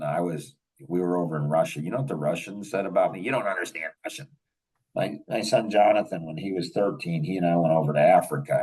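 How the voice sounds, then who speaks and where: A man's voice: low voice, a little mellow, husky, far from the mic, rough recording. An older man hosting a podcast, telling rambling anecdotes in casual chat and chuckling often. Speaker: podcast host.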